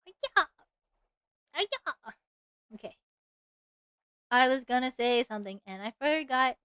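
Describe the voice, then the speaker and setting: Bright-voiced chatty woman streamer. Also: fairly high pitch, moderate pace, clear, resonant tone, dry recording. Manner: rambling and chatty with many fillers; playful, breaks into sing-song. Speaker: VTuber streamer. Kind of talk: casual chat while drawing on stream.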